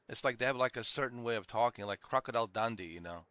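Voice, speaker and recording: A man's voice: medium pitch, fast talker, hardly any pauses, pushed and bright. A man giving casual, rambling gameplay commentary, full of "like" fillers. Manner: rambling, heavy "like" fillers, chatty. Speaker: gaming video creator.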